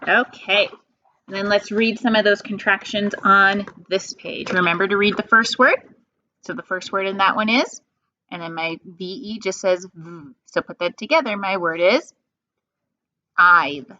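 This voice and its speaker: A woman teacher leading a phonics lesson for young children, drawing each sound out slowly and patiently. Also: mid-range voice, sharp tone, slight background noise. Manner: slow, patient, drawn-out sounds. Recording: dull lo-fi sound.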